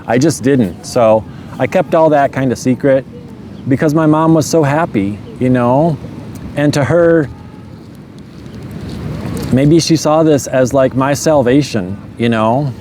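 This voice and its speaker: A man's voice: mid-range voice, unhurried, pauses often, a little mellow, slight background noise. A man telling a personal story in a loose, rambling way, often saying "you know" and chuckling.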